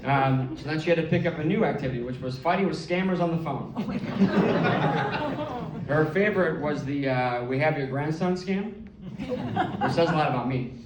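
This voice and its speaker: A man doing a stand-up set in a comedy club, telling stories deadpan and landing punchlines with energy. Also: a little high, moderate pace, long pauses, highs cut off, heavy background noise. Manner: deadpan storytelling, animated punchlines. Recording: roomy club, distant mic. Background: audience laughter.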